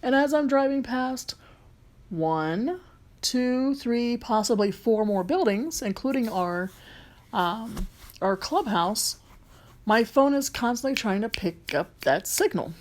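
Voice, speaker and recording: A woman's voice: on the high side, animated, slow. A woman with a light Southern accent, a rideshare driver and vlogger, talking casually through a phone tutorial, rambling with frequent ums and restarts.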